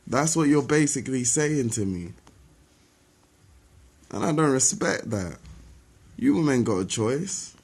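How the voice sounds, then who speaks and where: A man's voice: mid-range voice, expressive, slow pace, long pauses, darkish tone, slightly rough. A young man delivering a sarcastic, confrontational spoken-word monologue straight at his listeners. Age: young adult. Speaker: rapper.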